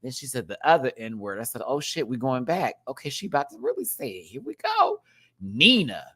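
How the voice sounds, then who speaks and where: A man reviewing a drag competition show in a casual, campy rant, laughing often and swinging between loud outbursts and quiet asides. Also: wildly swooping pitch, brisk. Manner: big jumps in pitch and loudness. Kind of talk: casual commentary.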